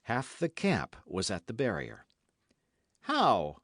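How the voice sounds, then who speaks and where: A man narrates a classic novel in a measured, expressive way. His intonation rises and falls with lively range. The sound is dry and close to the mic. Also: medium pitch, no echo. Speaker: audiobook narrator. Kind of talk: scripted narration.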